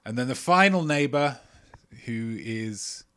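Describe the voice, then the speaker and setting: A man hosting a casual livestream quiz, playful and self-mocking, chatting between loud remarks and mumbled asides. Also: mid-range voice, lively intonation, takes it slowly, clean tone. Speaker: quiz show host.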